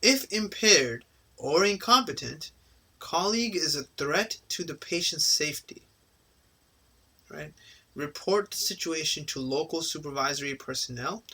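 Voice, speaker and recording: A man with a fairly high, pushed and bright voice delivers a casual exam-prep lecture at a measured pace. He keeps adding "right?" to check understanding and briefly acts out the people he quotes.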